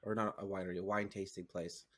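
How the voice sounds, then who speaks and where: A man's voice: low-pitched, little pitch movement, quick pace, a bit bright. A man co-hosting a podcast in casual chat, rambling and starting over as he talks. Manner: rambling, filler-heavy, self-interrupting. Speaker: podcast co-host.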